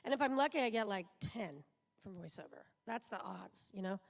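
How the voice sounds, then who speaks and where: A woman's voice: medium pitch, expressive, fairly quick, vocal fry. A middle-aged woman from the United States, a voice actor, chatting in a rambling, self-deprecating way as a guest on a live convention panel in an auditorium.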